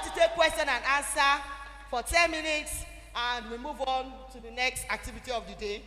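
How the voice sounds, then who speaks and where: Nigerian English woman speaker, high and bright, emphatic, echoey church hall. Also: moderate pace. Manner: animated, emphatic, exhorting the audience. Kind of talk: teaching talk at a church event. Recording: echoey hall with faint music.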